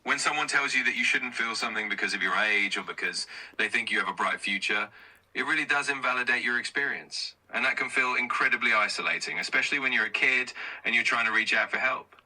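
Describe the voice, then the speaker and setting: Male AI voice, reassuring and steady; fast and bright; far-off phone speaker. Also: medium pitch, husky. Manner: calm, steady, affirming. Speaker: AI chatbot voice. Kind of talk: reassuring replies.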